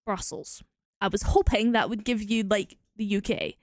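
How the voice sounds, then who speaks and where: A woman's voice: medium pitch, normal speed, no room sound, studio quality. A Scottish woman streaming a game, musing aloud as she tries out combinations. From Scotland. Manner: musing, trying combinations out loud. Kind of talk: casual thinking aloud while playing.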